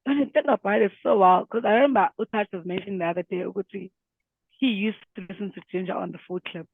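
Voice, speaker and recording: A man's voice: high-pitched, gravelly, no echo. A man co-hosting a music podcast, chatting casually and with enthusiasm. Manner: animated, fast, enthusiastic. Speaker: podcast co-host. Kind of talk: casual chat. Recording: tinny phone-like sound.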